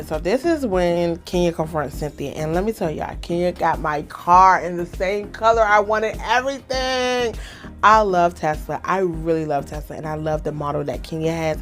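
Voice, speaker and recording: A woman hosting a podcast, chatting casually and acting out quotes while recapping a reality show. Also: mid-range voice. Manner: chatty, animated, acts out quotes. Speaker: podcast host.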